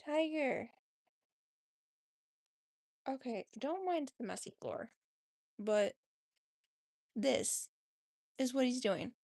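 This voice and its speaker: Woman, home vlog, baby talk to cats, bright high voice, lively pitch. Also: extremely slow, long pauses, no room sound, clean studio sound. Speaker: vlogger, cat owner. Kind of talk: casual chat with her pets.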